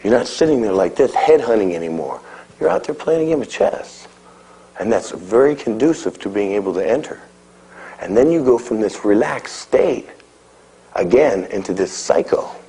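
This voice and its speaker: A man's voice: fairly low pitch, animated, moderate pace, gravelly, dark tone, low-quality recording. A middle-aged man teaching a martial arts class, calling out drills to his students and often checking in with "okay?". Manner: coaching, calls out drills, frequent "okay?". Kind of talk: live instruction to a class.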